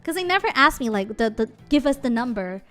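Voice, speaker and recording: A woman streamer in casual livestream chat, animated and giggly. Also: on the high side, brisk, soft background music. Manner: animated, giggly, switches between English and Japanese.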